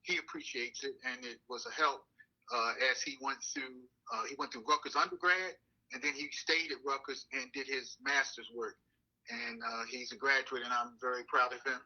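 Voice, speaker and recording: An older man, a councilman, speaking in an interview in a measured, deliberate way with frequent "uh" fillers. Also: medium pitch, fairly even intonation, pushed and bright, dull audio. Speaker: city councilman and NAACP president. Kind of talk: interview conversation.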